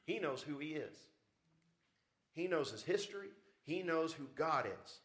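A man's voice: on the high side, expressive, normal speed. Preaching man, emphatic sermon delivery. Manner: preaching with rising emphasis and rhetorical questions. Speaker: pastor. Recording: church service audio recording.

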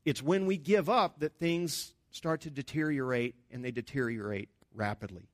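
A pastor preaching a sermon in an earnest, conversational way, with emphatic rises on key points. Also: male voice, mid-range voice, normal speed, no room sound, studio quality.

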